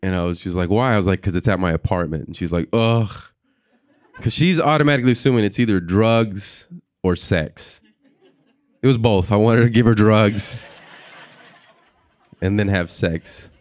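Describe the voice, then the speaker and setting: A man's voice: fairly low pitch, moderate pace, no room sound. A young man doing stand-up comedy, telling a long story and acting out the voices of the people in it. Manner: animated, acts out voices and reactions.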